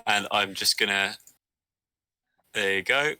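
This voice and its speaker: A man's voice: fairly low pitch, takes it slowly, sharp tone, a little hiss or hum. A man narrating as game master of a tabletop game in a casual, laughing way.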